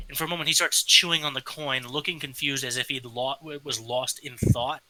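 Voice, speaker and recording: A man's voice: mid-range voice, fairly even intonation, brisk, few pauses, pushed and bright, rough recording. A man narrating as game master of a tabletop game, describing scenes with casual fillers.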